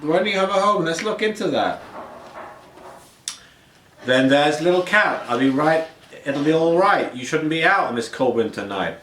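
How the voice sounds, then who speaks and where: A man playing a kind old woman who talks softly and soothingly, lifted somewhat above his usual pitch. The storybook reading carries a roomy echo. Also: animated, normal speed, long pauses, recorded from a distance, slight background noise. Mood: gentle. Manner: gentle, soothing. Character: kindly lonely old woman.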